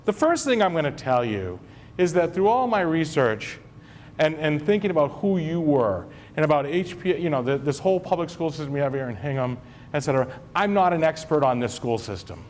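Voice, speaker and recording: Superintendent guy talking to his staff, kinda high voice, bounces around a lot, jokey and loose. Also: animated, fairly quick, a little mellow, a little hiss or hum. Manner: informal, joking, repeats phrases. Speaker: school superintendent. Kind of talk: speech to school staff. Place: school convocation event.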